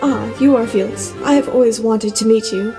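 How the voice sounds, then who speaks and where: A woman's voice: on the high side, moderate pace, close to an everyday voice. A woman voicing an earnest young prince consort with a German accent, speaking in a friendly, open way. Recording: long reverb, soft music beneath.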